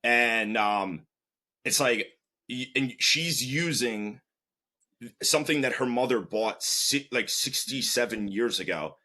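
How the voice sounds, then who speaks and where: A man hosting a casual conversational interview, an animated storyteller who restarts his sentences often. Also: mid-range voice, slow. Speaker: interview host, sales manager.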